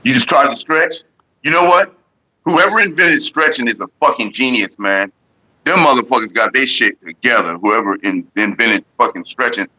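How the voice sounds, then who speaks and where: A man's voice: mid-range voice, expressive, moderate pace, sharp tone. Laid-back profane man on a livestream. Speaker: livestream host. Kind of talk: casual livestream chat. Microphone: headset. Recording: slightly dull lo-fi audio.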